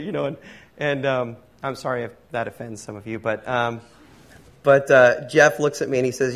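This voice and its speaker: A man's voice: mid-range voice, brisk, fairly bright tone. A man preaching a casual, conversational sermon, rambling with many fillers and self-deprecating humor. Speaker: pastor.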